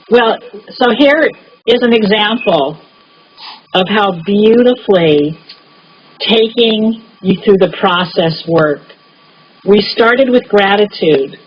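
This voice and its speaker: A woman leads a coaching session at an unhurried pace, gently prompting and encouraging her client. Her voice sits at a middling pitch. The recording is dull and lo-fi, with faint noise underneath. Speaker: creativity coach.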